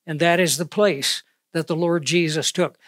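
A man preaching a sermon in an earnest way, slowing down to stress key words, speaking into a clip-on microphone. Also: on the high side, steady tone, a bit bright, no echo, studio quality. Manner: earnest, with slow emphatic pauses on key words. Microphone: wearing a clip-on microphone.

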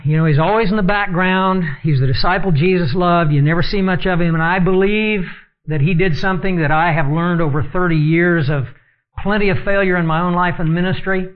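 A man teaching a sermon in an earnest tone, reading scripture aloud and explaining it. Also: a little high. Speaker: Bible teacher. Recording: dull lo-fi recording.

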